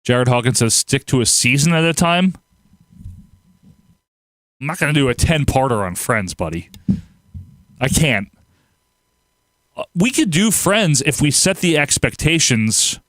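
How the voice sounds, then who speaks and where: A man chats casually to his livestream audience, answering comments as they come. His pitch swings a lot as he rambles and laughs. The sound is dry and close to the mic. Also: measured pace, long pauses, dry recording. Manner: rambling, laughs often, animated outbursts. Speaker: livestream host. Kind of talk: casual livestream chat reading viewer comments.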